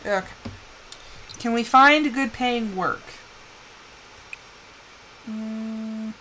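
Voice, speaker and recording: Extremely slow and slightly high, her voice sounds pushed and bright, with a little hiss or hum in the background. The young woman is streaming a life-simulation game, giving casual commentary as she chats, laughs often, and talks to the on-screen characters.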